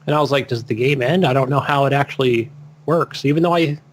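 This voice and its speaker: A man's voice: mid-range voice, fast talker. Hesitant man chatting about games. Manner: hesitant, full of fillers and restarts. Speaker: podcast co-host. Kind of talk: casual gaming podcast chat.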